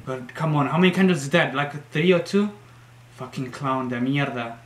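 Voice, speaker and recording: A man's voice: mid-range voice, normal speed. A young man, a YouTuber playing a horror game, jumpy and swearing, letting out shrieks when startled. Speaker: gaming YouTuber. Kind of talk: horror game let's play commentary. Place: room at home. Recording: echoey room with faint noise.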